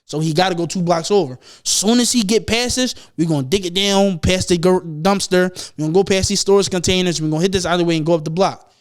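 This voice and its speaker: A young man tells a rambling, profane story in a podcast chat. His voice sits high for a man and sounds smooth and resonant. He talks loosely and jumps between asides. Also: fairly quick. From Philadelphia. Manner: animated, profane, laughing storyteller. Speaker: podcast host. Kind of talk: casual storytelling.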